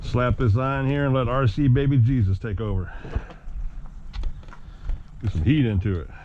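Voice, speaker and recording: Talking at a moderate pace in a medium-pitched voice, this man runs an RC hobby channel and jokes around with his viewers, addressing them as guys and boys while packing his gear. The mood is chatty and easygoing, captured on dull lo-fi audio with noticeable background noise.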